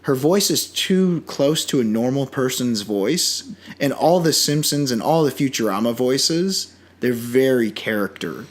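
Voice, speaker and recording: A man's voice: mid-range voice, expressive, unhurried. Chatty male podcast co-host. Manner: chatty, restarts often, enthusiastic asides. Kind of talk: casual chat.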